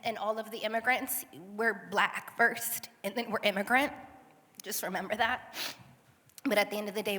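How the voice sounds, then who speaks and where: A woman from Philadelphia giving emotional public comment at a podium, halting and apologetic as she fights back tears. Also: mid-range voice, a bit bright. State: tearful, emotional. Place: large council chamber. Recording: long hall reverb.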